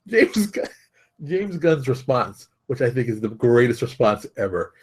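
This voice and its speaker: A man hosting a casual commentary show, telling stories in an animated way, acting out the quotes and laughing often. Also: medium pitch, measured pace, long pauses, breathy edge. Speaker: show host.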